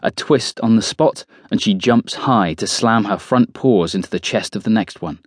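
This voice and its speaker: A man narrating a horror audiobook in the first person, measured and tense. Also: lowish voice, no room sound, clean studio sound.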